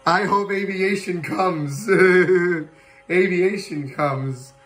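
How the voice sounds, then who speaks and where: High-voiced, slow-talking male streamer. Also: a little hiss or hum, rough recording. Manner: excitable, whooping and chuckling. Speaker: livestream host. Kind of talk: playful live commentary on a flight sim show.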